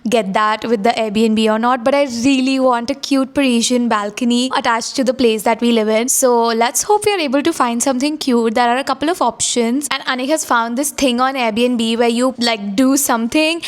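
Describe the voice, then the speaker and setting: A woman in her twenties chatting to camera in a casual vlog, gushing and excitable, repeating herself as she talks. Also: fairly high pitch, moderate pace, few pauses. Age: 20s. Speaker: vlogger.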